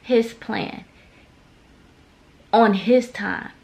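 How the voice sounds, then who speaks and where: A woman's voice: fairly high pitch, steady tone, drawn-out words, gravelly, darkish tone. A woman esthetician vlogging casually to her viewers, chatty, often turning to them with "okay?" and "y'all". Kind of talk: casual talk to camera.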